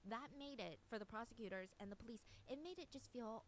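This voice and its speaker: A woman's voice: fairly high pitch, fast, a little hiss or hum, low-quality recording. A woman narrating a true crime video in a chatty, conversational way, adding side notes.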